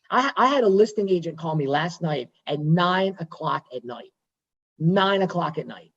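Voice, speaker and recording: Husky man talking on a lo-fi call. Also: a little high, expressive, normal speed, a bit bright. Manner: conversational, digressive, repeats himself. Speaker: mortgage lender. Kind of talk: workshop talk on a video call.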